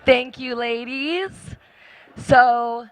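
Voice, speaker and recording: A woman's voice: a little high, very slow. A woman co-host, losing her voice, introducing the next panel with bubbly enthusiasm. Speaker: event co-host. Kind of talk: stage introduction.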